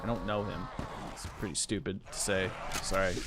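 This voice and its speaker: A man's voice: sits low, steady tone, moderate pace, heavy background noise. A man casually chatting on a live stream while gaming, rambling and reading chat aloud.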